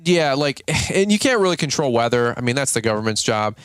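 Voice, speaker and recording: A man's voice: medium pitch, sing-song, brisk, fairly bright tone, clear, resonant tone. A man hosting a podcast, chatting casually in a rambling, joking way and laughing often. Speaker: podcast host. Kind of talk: casual chat.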